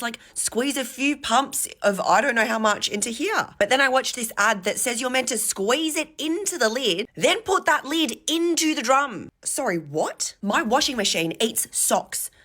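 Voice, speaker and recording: A young woman talks through comic observations in a wry, sarcastic way. Her voice sits a little high. The sound is close and dry. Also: fairly bright tone, dry recording. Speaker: comedian. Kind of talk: comedic social media monologue.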